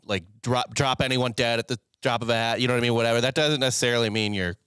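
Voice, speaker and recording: Male co-host, mid-pitched voice, wry rambling riffs, dry close mic. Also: steady tone, quick pace, fairly bright tone, clean tone, no room sound. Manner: rambling, wry, trails into jokes. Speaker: podcast co-host. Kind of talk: casual chat.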